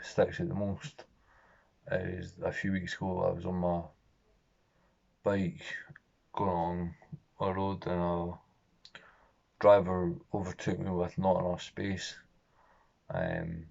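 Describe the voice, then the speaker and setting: A young man vlogging, telling a personal story in a halting, profane, emotionally raw way. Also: sits low, vocal fry, a little mellow, breathy edge. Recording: dull lo-fi recording.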